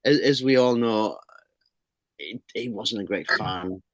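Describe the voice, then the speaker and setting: A man's voice: on the low side, slow, a bit bright, no room sound. A middle-aged man, a horror magazine publisher, chatting as an interview guest with an enthusiastic, rambling manner and frequent restarts. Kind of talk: casual interview chat.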